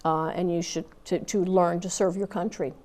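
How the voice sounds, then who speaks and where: A woman's voice: on the low side, steady tone, normal speed, warm tone. A woman in her fifties, a Marine Corps veteran, telling her story candidly in an interview with plenty of fillers and restarts.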